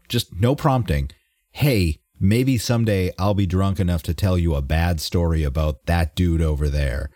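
A man's voice: low voice, dark tone, no room sound. A man co-hosting a casual podcast, rambling and self-mocking. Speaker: podcast co-host. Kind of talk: casual chat.

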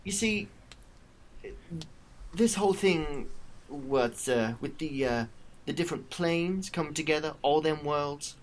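A man's voice: on the high side, takes it slowly, pauses often. A man doing a sly Baroness villainess. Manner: drawling, syrupy, calls others honey. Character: scheming female villain baroness, sweet-talking.

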